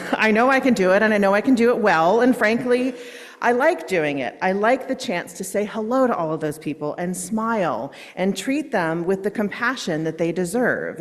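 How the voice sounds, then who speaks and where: Woman pastor, lowish voice, sermon storytelling, long church reverb. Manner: warm, self-deprecating storytelling with asides. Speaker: minister. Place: church sanctuary.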